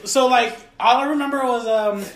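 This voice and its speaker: A man's voice: very high-pitched, moderate pace, creaky, roomy sound. A man on a podcast giving his side of a story in casual, hesitant chat.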